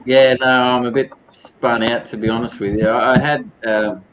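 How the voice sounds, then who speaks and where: A man's voice: mid-range voice, level tone, moderate pace. Effusive man on a noisy call. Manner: effusive, laughs a lot, jokey. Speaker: comic creator, guest. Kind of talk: casual video chat.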